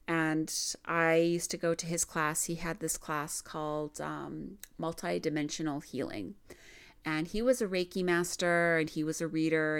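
A woman's voice: deep voice, smooth. A woman from Minnesota hosting a podcast, telling personal stories in a chatty, laughing way. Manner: chatty, laughing often, frequent "like" fillers. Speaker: podcast host. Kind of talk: casual spiritual storytelling.

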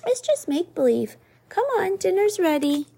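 A woman reading aloud and voicing a calm, practical mother in a story. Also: very high voice, moderate pace, gravelly, voice pushed up, exaggerated voice. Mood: reassuring.

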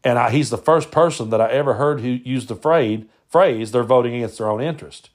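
A man's voice: mid-range voice, fairly quick. Plainspoken Southern man telling a story. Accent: Southern US, Tennessee. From Tennessee. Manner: folksy, plainspoken, with frequent restarts and swearing. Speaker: podcast host. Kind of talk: personal storytelling monologue.

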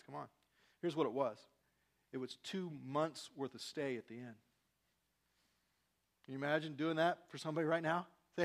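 A male pastor preaching a sermon, swinging from loud, emphatic lines to quiet, personal confiding. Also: medium pitch, moderate pace.

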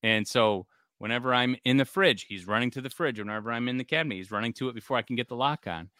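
Bright, clear-voiced man telling stories. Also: medium pitch, fast, no room sound, clean studio sound. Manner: laughs often, tells stories animatedly. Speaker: podcast co-host. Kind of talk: casual chat.

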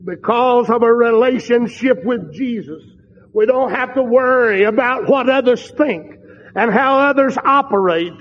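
A man with a very high voice preaches a sermon at a slow, deliberate pace, hammering his points through repetition. His voice rings with long reverb in a hall. The recording sounds dull and muffled. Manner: slow, emphatic, repeats phrases for stress.

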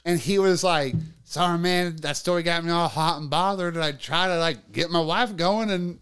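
A man's voice: fairly high pitch, normal speed, fairly bright tone, clean tone. A man co-hosting a podcast, telling a long, rambling, profane story packed with filler words. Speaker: podcast co-host. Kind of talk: casual storytelling chat.

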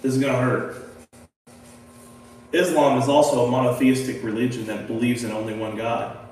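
A man's voice: mid-range voice, level tone, normal speed, darkish tone. A man leading a casual Bible discussion in a folksy, emphatic way, often asking rhetorical questions. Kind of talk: casual Bible study talk. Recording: echoey room, distant mic, faint noise.

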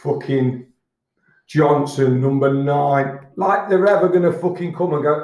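A middle-aged Englishman hosts a casual chat show, ranting bluntly and swearing often. His voice sits fairly high for a man. The room is echoey. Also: moderate pace, darkish tone. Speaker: podcast host. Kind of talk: casual pub-style chat.

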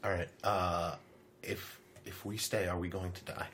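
A man playing a tabletop role-playing game who asks casual, deadpan questions. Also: low-pitched, a little slow, slight background noise. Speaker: player.

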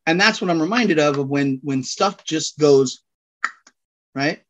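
A man's voice: on the high side, measured pace. A man chatting as a podcast guest, rambling and joking, laughing at himself. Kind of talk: casual chat.

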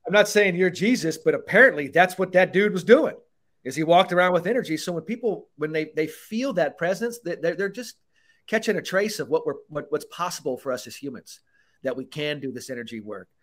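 A man hosting a casual podcast, coaching in an animated way, swearing freely and acting out quoted lines. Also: fairly high pitch, fairly quick. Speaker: podcast host, mental performance coach.

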